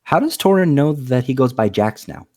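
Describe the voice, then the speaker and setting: A man's voice: mid-range voice, very animated, moderate pace, a little mellow. A man playing a tabletop game, explaining his character at length with many fillers. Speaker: player. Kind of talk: casual tabletop chat.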